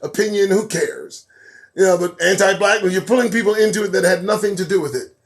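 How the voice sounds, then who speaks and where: A man hosting a live commentary show, riffing sarcastically on news items, laughing often and swinging between loud outbursts and low mutters. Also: brisk. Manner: laughs a lot between remarks.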